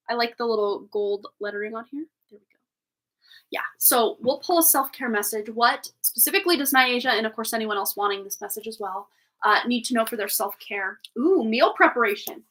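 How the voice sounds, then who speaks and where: High-voiced woman hosting a chatty livestream. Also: fairly bright tone. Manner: chatty and affectionate, with lots of little laughs. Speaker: tarot reader and livestream host. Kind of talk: casual livestream chat.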